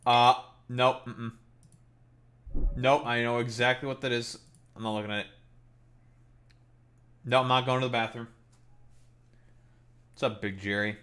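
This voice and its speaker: A man's voice: mid-range voice, level tone, unhurried, pauses often, fairly bright tone, clean tone. A man streaming a game, chatting casually with viewers in a crude, profane, teasing way. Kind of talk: casual live-stream chat while gaming. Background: keyboard typing.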